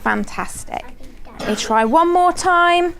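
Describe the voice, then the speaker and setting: Southern English woman, high voice, phonics teacher, clear and encouraging. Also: lively intonation, noisy background. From southern England. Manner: clear, encouraging, sounds out words slowly. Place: primary school classroom.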